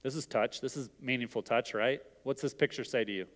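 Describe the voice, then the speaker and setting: A middle-aged man with a medium-pitched voice gives an interactive sermon at a brisk pace, speaking conversationally and asking the audience questions. Long hall reverb fills the recording.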